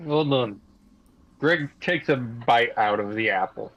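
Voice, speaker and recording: A man's voice: medium pitch, slow pace, a bit bright, low-quality recording. A man playing a tabletop game, describing his character's actions and arguing points at length. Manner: rambling, argumentative. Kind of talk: casual play and banter.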